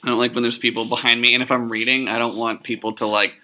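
A man co-hosting a podcast in casual chat, jokey and quick with one-liners. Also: mid-range voice, level tone, sharp tone, a little hiss or hum. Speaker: podcast co-host.

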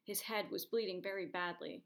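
Gravelly woman reading a story aloud. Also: medium pitch. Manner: steady, measured storytelling with quoted lines voiced. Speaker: narrator.

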